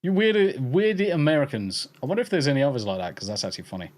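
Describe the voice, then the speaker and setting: A man's voice: on the high side, big pitch swings, quick pace. Profane English man hosting a podcast. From England. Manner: profane, jokey banter. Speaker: podcast host. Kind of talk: casual chat with live viewers.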